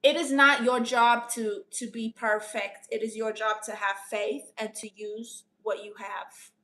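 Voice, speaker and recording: Pitched a little high, this New York–accented woman's voice is bright and forceful, with a level tone and a slightly slow pace. As a live streamer giving advice, she reads out each viewer comment and responds in a chatty, playful auntie persona, calling everyone honey.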